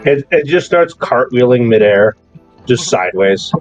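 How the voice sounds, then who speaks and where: A man's voice: mid-range voice, expressive, unhurried, soft background music, low-quality recording. A man narrating as game master in a tabletop game, describing scenes loosely with lots of "like"s. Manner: loose, casual describing with many "like"s.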